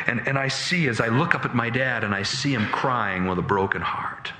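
A man preaching, telling a dramatic story with animated, halting retelling, in an echoey room. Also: fairly low pitch, a little hiss or hum. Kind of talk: sermon storytelling.

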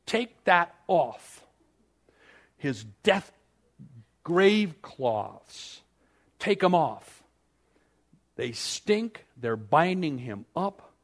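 A man's voice: on the high side, sing-song, very slow, pauses often, exaggerated voice. A male pastor voicing Jesus giving firm, emphatic commands in a raised voice. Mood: commanding. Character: commanding Jesus, adult man, urgent and kind.

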